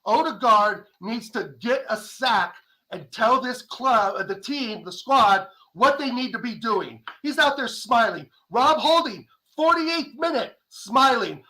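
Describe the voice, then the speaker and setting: Furious high-pitched football fan. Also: male voice, animated, a little slow, poor audio. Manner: furious, swearing, shouting. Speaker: panel guest. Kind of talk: heated fan rant.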